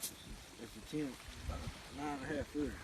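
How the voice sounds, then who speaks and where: A man's voice: fairly high pitch, brisk. Folksy Southern country man, noisy outdoors. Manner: rambling, folksy, chuckling asides. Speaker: fishing channel host. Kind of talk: casual vlog chat to viewers. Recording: loud outdoor vehicle and wind noise.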